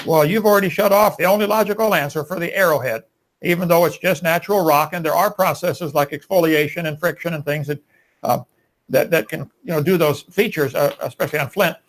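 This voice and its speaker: Sex: man. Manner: preachy, emphatic debater, slightly high voice. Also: brisk, rough recording. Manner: emphatic, preachy, rhetorical questions. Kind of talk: live debate argument.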